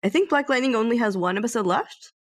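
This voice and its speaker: A woman's voice: fairly high pitch, lively intonation, fast, dry recording, studio quality. A woman co-hosting a podcast in casual chat, easygoing and laughing often. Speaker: podcast co-host.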